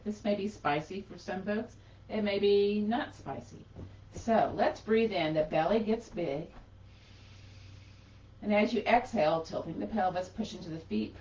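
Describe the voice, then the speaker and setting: A woman yoga instructor talks her class through the poses while doing them, friendly and a bit breathless. Her voice sits on the lower side. The sound is dull and lo-fi, picked up from across a reverberant room. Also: a little mellow. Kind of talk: guided gentle yoga class. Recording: echoey room, far from mic, dull lo-fi.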